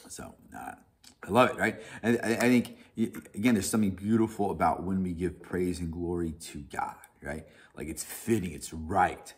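Deep-voiced man leading a bible study. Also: moderate pace. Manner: animated, many restarts and "right?", chuckles often. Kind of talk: casual Bible study talk with scripture reading.

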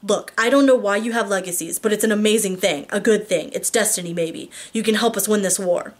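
A woman's voice: mid-range voice, fairly quick, lightly acted. A woman reading an earnest young alien hero.

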